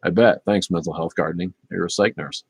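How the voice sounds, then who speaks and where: Man, fifties, stream host; low voice, casual and rambling, dry sound. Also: a little fast, slightly rough, no room sound. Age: 50s. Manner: relaxed, rambling, with many fillers. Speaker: livestream host reading chat. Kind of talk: casual livestream chat.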